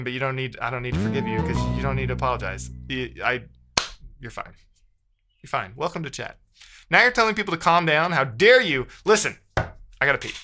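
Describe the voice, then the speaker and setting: A man's voice: medium pitch, sharp tone. A man rambling in casual livestream chat with his viewers, frustrated and often correcting himself.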